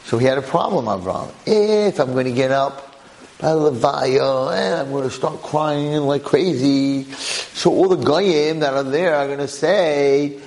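A man teaching a lively Torah class to a live audience as a rabbi, telling the story with energy and firing off rhetorical questions. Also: a little high, measured pace, rough recording.

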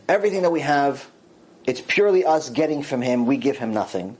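A man giving a lively religious lecture as a Torah teacher, repeating phrases for emphasis and acting out quotes. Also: mid-range voice, brisk, poor audio.

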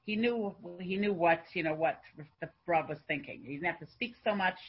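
A woman giving a religious talk, telling a story in an earnest, unhurried way and then fervently urging her listeners. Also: fairly low pitch, expressive, breathy edge. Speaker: religious teacher. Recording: dull lo-fi recording.

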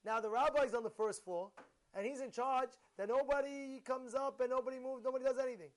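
A man's voice: very high-pitched, fairly even intonation, a little fast. A man speaking as a rabbi, delivering a sermon full of rhetorical questions and storytelling to his audience.

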